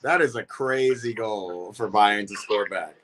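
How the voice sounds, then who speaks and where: A man's voice: lowish voice, measured pace, fairly bright tone. A young man hosting a livestream watch party, reacting casually to the match and greeting viewers in chat. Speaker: livestream host. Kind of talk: football watch-party commentary.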